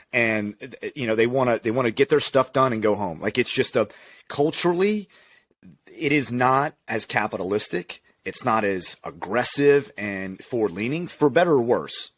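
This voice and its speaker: A man from the United States, a podcast guest, telling a story in a loose, animated way with lots of fillers and restarts. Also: mid-range voice, dry recording. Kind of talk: casual interview talk.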